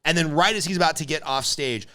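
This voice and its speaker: A man's voice: on the high side, fast talker, bright, forceful tone. A man hosting a podcast, telling a story in casual chat, acting out quotes and swearing freely. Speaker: podcast host.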